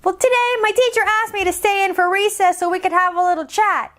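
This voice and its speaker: Lady putting on a loud little schoolgirl voice, squeaky high and rattling along quick. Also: fairly even intonation. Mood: chirpy. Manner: bright, fast, loud chatter.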